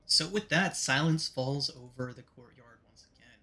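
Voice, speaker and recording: A man narrating a tabletop game as game master, in a measured, descriptive way. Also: fairly high pitch, gravelly, sharp tone, faint music behind.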